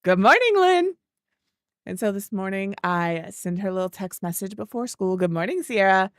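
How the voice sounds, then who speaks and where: A woman's voice: mid-range voice, steady tone, a little fast, dry recording, clean studio sound. A woman streaming a game, chatting casually and rambling through stories while greeting viewers by name. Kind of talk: casual chat with live chat.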